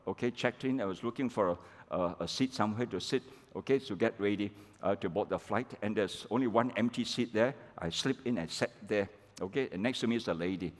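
Pastor preaching in a reverberant church. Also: male voice, fairly low pitch. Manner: animated, repeats "okay" and "all right" to the congregation. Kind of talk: sermon with story-telling. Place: large church hall. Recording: long reverb of a church hall.

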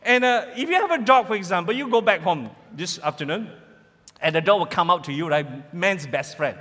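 A man preaching a sermon in an animated, playful way, sometimes imitating sounds for his listeners. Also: high-pitched, a little fast. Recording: long hall reverb.

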